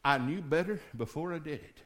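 A middle-aged male pastor preaching a sermon in a church, folksy, moving between quiet storytelling and shouted climaxes. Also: a little high, a little fast.

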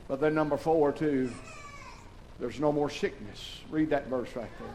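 A pastor, preaching a sermon. He swings from shouted, fervent preaching to soft, tearful confiding in a church. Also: a little high, a little slow, a little hiss or hum, poor audio. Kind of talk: emotional sermon. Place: church sanctuary.

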